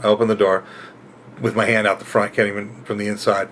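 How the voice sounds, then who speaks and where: A middle-aged man, a rideshare driver, telling a story in a rambling casual way, with restarts and shouted quotes acted out. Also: on the low side, little pitch movement, quick pace. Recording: faint ambient noise behind.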